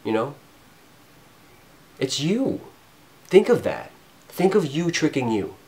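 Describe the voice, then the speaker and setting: A man going off in an unscripted spiritual rant, rambling and cursing, swinging between loud emphasis and low mutters. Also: sing-song, takes it slowly. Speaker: vlogger.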